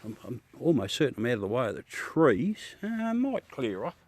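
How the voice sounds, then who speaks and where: A man's voice: medium pitch, big pitch swings, moderate pace, a little mellow, husky. An Australian man hosting a casual live chat with viewers from his backyard at night, swearing freely and laughing often. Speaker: livestream host.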